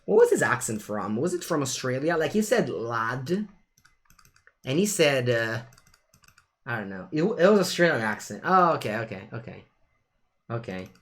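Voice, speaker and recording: A man's voice: medium pitch, normal speed. A young man with an Italian accent chatting casually with viewers while streaming a card game. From Italy. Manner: chatty, animated, switches between English and Italian phrases.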